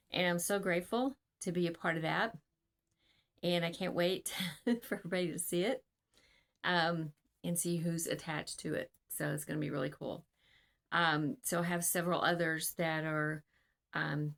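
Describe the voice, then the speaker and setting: A woman with a somewhat low voice talks straight to camera as a casting director. She rambles earnestly with plenty of ums and restarts, and she sounds like she is on a video call. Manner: rambling, filler-heavy and earnest. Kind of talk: casual advice talk to camera.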